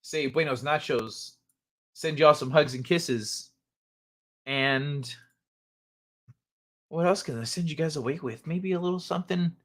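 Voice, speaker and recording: A man hosting a late-night live stream, chatting casually, swearing freely and telling stories with animated sound effects. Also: fairly high pitch, unhurried, pauses often. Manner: laid-back, profane, animated storytelling.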